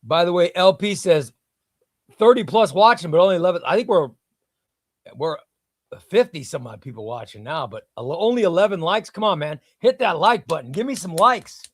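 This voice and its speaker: A man's voice: high voice, expressive, normal speed, no room sound, clean studio sound. Chatty man hosting a comics livestream. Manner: chatty, reads viewer comments aloud; hypes sponsor in a shouted ad read. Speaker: livestream host. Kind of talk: casual livestream chat.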